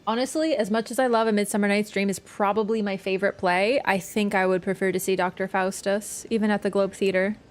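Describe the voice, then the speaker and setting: A young woman chatting casually on a game livestream, quick and self-mocking, laughing often. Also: mid-range voice, steady tone. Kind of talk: casual game-stream chat.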